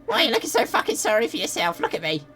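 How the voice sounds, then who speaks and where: A game master voicing a scarred, brutish hobgoblin leader who barks rough orders. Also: male voice, sits high, wildly swooping pitch, rapid-fire, over music, voice pushed up, full character voice. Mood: hostile. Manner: barking, rough.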